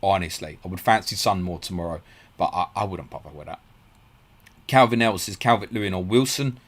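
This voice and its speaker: A man hosting a live stream, reading out viewer questions and answering them quickly and bluntly. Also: low voice. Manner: fast, blunt and matey, calls viewers mate. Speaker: podcast host.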